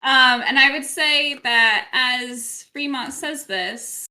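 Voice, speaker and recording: A woman's voice: high voice, slow, pushed and bright. A woman running a tabletop game as game master, chatting loosely and laughing often.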